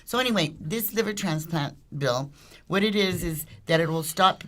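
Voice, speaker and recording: A woman's voice: fairly low pitch, expressive, moderate pace. A middle-aged woman telling a personal story in casual panel talk, rambling with restarts. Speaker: guest, cannabis advocate.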